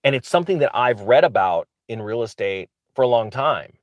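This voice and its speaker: A man hosting his own channel, talking casually to camera in an excitable, rambling way with frequent restarts. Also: medium pitch, brisk, no room sound, highs cut off. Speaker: real estate investor and channel host.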